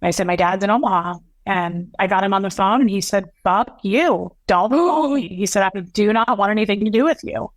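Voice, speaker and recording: A woman guest in an interview, recounting a painful personal story in a halting, emotional, long-winded way. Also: medium pitch, steady tone, no room sound.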